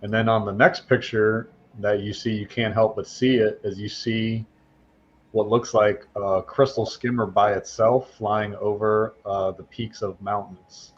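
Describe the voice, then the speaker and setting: Low-voiced man narrating a tabletop game. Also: flat delivery, lo-fi sound. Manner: halting, many fillers and restarts. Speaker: game master.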